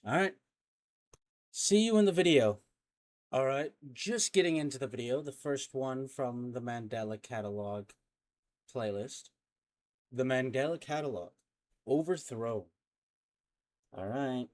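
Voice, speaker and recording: A young man reacts to a horror series in casual, rambling commentary. He trails off, restarts and throws in slang as he thinks aloud in a mid-pitched everyday voice. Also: animated, unhurried, long pauses, darkish tone. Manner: rambling, hesitant, lots of fillers and slang. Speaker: reaction video host.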